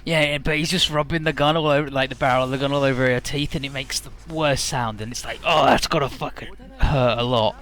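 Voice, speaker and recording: A man giving casual, rambling gameplay commentary in a low-key, mumbly way. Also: fairly even intonation, quick pace, few pauses, fairly bright tone. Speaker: let's play host.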